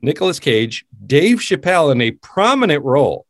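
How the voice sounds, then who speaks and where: A man co-hosting a podcast, talking about a film in casual chat, animated and mocking, laughing often. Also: a little high, moderate pace, no echo, clean studio sound. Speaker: podcast co-host. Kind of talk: casual movie review chat.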